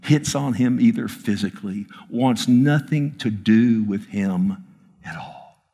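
A man preaching gives a voice to God speaking to his heart. He speaks low, slow and hushed, almost in a whisper. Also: creaky. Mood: solemn. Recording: long reverb of a large hall.

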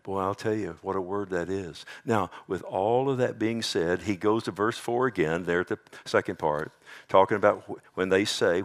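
A middle-aged man, a pastor, preaching a sermon with animated delivery, mimicking mockers in a higher voice and dropping to quiet warnings. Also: moderate pace. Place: church sanctuary.

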